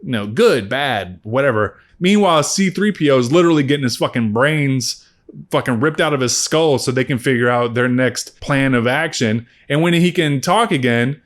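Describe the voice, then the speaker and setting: A man's voice: mid-range voice, normal speed. Casual, profane man rambling through a review. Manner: rambling, profane, animated asides. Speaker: movie reviewer.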